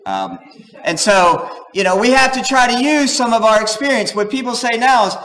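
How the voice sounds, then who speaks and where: A man preaching a sermon as pastor, talking in an animated, digressive way and acting out quoted voices. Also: sits high, brisk, poor audio. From United States.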